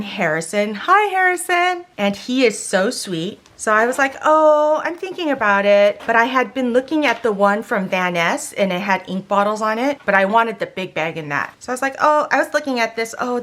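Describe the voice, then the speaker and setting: Chatty middle-aged woman showing a haul. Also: mid-range voice. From Korean. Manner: chatty, emotional, excitable. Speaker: stationery vlogger. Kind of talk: casual show-and-tell haul.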